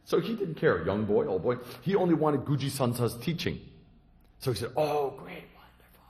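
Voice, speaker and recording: A Zen monk from the United States tells a dharma story with a very lively, sweeping voice. His phrasing is simple, and he acts out each character. The sound is roomy and echoey. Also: mid-range voice, moderate pace. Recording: echoey room.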